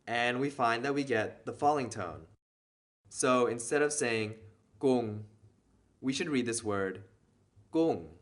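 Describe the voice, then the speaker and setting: A man's voice: medium pitch, a little slow, fairly bright tone. A man patiently explaining a beginner reading lesson step by step, as the teacher of a language video series.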